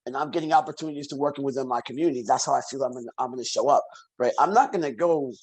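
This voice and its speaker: A man guesting on a podcast, chatting casually as an animated storyteller who repeats phrases for emphasis. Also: mid-range voice, racing, rough recording. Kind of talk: casual conversation.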